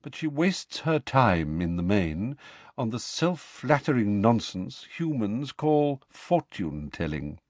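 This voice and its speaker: Man voicing a calm, aloof centaur sage. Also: medium pitch, no echo. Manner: calm, measured, quietly disdainful.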